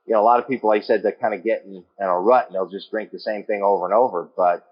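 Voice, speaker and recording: Calm low-voiced man, brewery guest. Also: highs cut off. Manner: calm, measured, with frequent "you know" and "um". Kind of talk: casual interview answers. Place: his brewery taproom.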